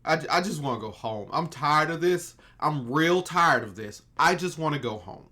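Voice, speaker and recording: Brief: man doing tired young soldier, soft and pleading, lower and quieter than his own voice. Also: animated, moderate pace. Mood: weary. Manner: soft, weary, repeating himself.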